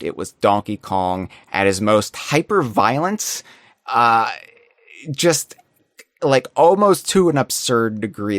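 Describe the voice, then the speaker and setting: A man's voice: lowish voice, no echo, studio quality. A man talking as a podcast guest, reflective and earnest, explaining his views at length in casual chat.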